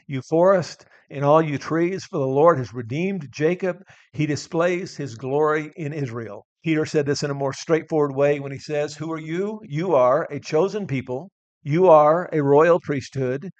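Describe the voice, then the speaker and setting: A man preaching from the pulpit with a somewhat high voice. He is earnest, stumbles and restarts his words, then swells into emphatic declarations. The sound is dry and a little muffled. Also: dry recording. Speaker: pastor. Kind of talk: sermon.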